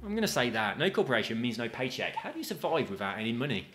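A man's voice: mid-range voice, big pitch swings, fast, fairly bright tone, soft background music. Chatty man narrating a game. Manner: chatty and jokey, with casual swearing and asides to viewers. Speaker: gaming video host. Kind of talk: let's play commentary.

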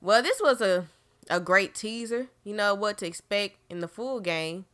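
A woman's voice: medium pitch, lively intonation, normal speed, a bit bright. A woman hosting a gaming channel, commenting on a horror game as she plays, jumpy and exclaiming, talking straight to her viewers into a desk mic. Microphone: desk microphone.

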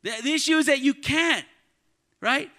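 A man preaching in a church with a high voice. He calls out to the congregation and swings from quiet, close talk to ringing shouts. His tone is bright and cutting. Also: moderate pace. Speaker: pastor. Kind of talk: sermon. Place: church sanctuary.

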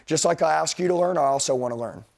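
A man's voice: on the high side, fast, vocal fry. A middle-aged man giving a blunt, intense motivational sales training to a group, talking straight at the room.

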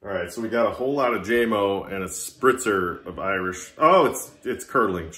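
A man's voice: lowish voice, lively intonation, normal speed, fairly bright tone. A man vlogging casually to camera, chatty and self-mocking as he talks to himself. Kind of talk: casual drinking vlog. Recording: echoey room with music behind. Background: Irish music playing.

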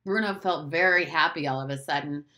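A woman teacher reading a storybook aloud with expressive narration. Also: sits low, fairly quick.

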